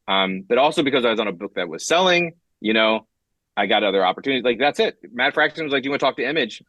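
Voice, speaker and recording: A man's voice: fairly low pitch, no echo. A man being interviewed as a guest comic writer, telling stories casually with lots of fillers and acted-out quotes. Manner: animated, acts out quotes, many fillers and restarts.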